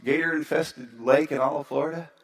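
Chatty, oblivious guy full of eager questions, voice pitched up, as a male pastor acts him out. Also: brisk, close to an everyday voice, poor audio.

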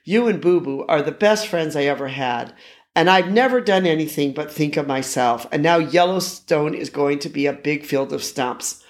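A man's voice: on the high side, normal speed, natural voice. A man reading out the lines of a big, friendly talking cartoon bear in his own everyday voice, with little voice change. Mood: earnest.

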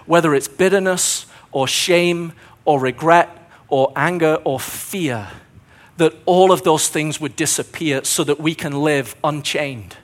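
Male pastor, somewhat high voice, earnest sermon delivery with repeated building lines, slightly strained voice. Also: unhurried.

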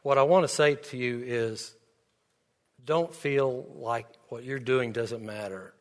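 A man preaches a sermon from the pulpit, earnest as he tells stories. His voice sits at an ordinary middle pitch. It rings out with a long reverb from the church sanctuary. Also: takes it slowly. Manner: earnest, storytelling with quoted dialogue. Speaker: pastor.

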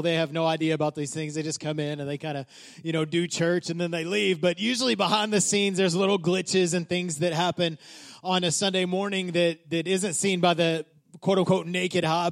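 A man preaching in a church, telling a story in a chatty, animated way, with many filler words. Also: on the high side. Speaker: pastor. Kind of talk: sermon told as a casual story.

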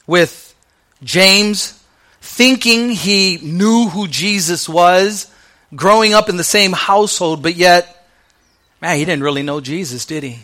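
Bright-voiced male pastor preaching. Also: high-pitched, slow pace. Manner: conversational preaching with slang asides; drops to soft, quiet delivery on key lines. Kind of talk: sermon.

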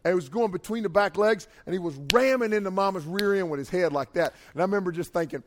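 A man's voice: sits high, quick pace, noisy background. A middle-aged man, preaching a folksy youth sermon. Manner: folksy storytelling, rises and drops in loudness. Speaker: youth pastor.

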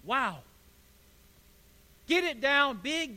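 A man preaching a sermon as pastor, emphatic and building to forceful declarations. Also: very high-pitched, expressive, a little slow. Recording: hall reverb.

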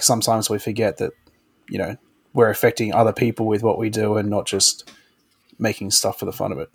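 Guy hosting a maker podcast, lots of um and like, pretty chill. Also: lowish voice. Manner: rambling, many fillers. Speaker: podcast host. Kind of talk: casual chat.

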